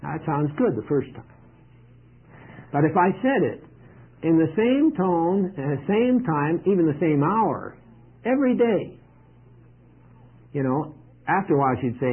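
Husky-voiced man preaching over a tinny radio line. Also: fairly high pitch, lively intonation, normal speed. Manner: conversational, plain-spoken preaching. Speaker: pastor. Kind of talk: sermon teaching.

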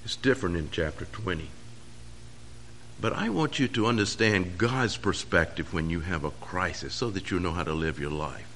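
A man preaching a sermon, pressing key phrases harder and louder as he drives each point home. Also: deep voice, lively intonation, normal speed, slight background noise.

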